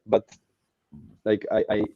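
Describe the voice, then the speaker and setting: A man's voice: slow, no room sound, phone-quality sound. A man from Israel, a podcast guest talking casually and thoughtfully, searching for his words. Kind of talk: casual reflective chat.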